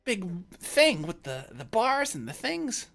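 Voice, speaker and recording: A woman voicing a giddy, wide-eyed young boy who is eager and full of excited questions. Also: medium pitch, normal speed, voice pushed up, exaggerated voice.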